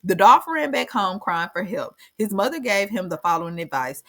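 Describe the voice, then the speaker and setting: A woman's voice: mid-range voice, normal speed, few pauses. A woman reading a legend aloud and breaking off into slangy, joking commentary. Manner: slangy, animated asides, keeps saying baby. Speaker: channel host.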